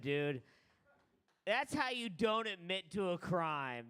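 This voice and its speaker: Bright, crisp-voiced comedy emcee. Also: male voice, high voice, big pitch swings, slow, pauses often, faint music behind. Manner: hyped, teasing banter. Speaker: comedy show host. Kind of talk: emceeing a stand-up show.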